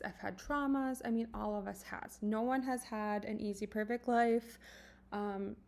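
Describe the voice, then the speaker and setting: A woman vlogger sharing a personal story in an earnest, emotional way, speaking softly and haltingly with many fillers. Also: mid-range voice, vocal fry. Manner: soft-spoken, halting, full of fillers and restarts; earnest and emotional, at times dropping to a whisper.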